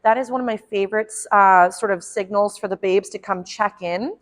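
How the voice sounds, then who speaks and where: Woman trainer at mid pitch, friendly and explanatory, casual instructional delivery with ums. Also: normal speed, very noisy. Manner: friendly and explanatory, with frequent ums and asides to the puppy. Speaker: dog trainer. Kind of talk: instructional dog-training demo. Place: at home, training a puppy.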